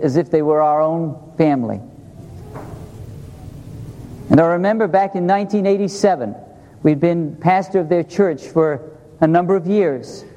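A man's voice: a little high, warm tone, in a large hall, poor audio. A man pastor preaching a sermon, telling a personal story in an earnest way with quoted dialogue and rhetorical questions.

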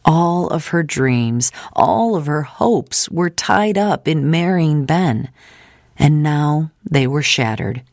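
A woman with a low, husky voice narrates an audiobook in a measured, expressive way. Her pitch moves a great deal, and the recording is dry and close. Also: no echo.

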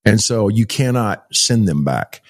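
A man's voice: lowish voice, unhurried. A middle-aged man from Texas, telling stories in an interview and acting out the dialogue. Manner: animated storyteller, acts out quoted dialogue. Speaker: child rescue organization founder. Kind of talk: storytelling in an interview.

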